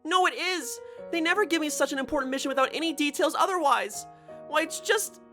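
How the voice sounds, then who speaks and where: A man doing a tearful timid young woman, very high. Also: fairly even intonation, normal speed, soft background music. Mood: upset pleading. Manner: soft apologetic, sniffling.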